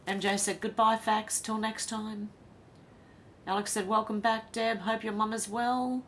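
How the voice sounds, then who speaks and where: A woman born in Ireland hosting a livestream, reading viewer comments aloud and answering with quick, chatty asides. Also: a little high, flat delivery, slight background noise. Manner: reads comments then reacts with quick asides and laughs. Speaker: livestream host reading chat.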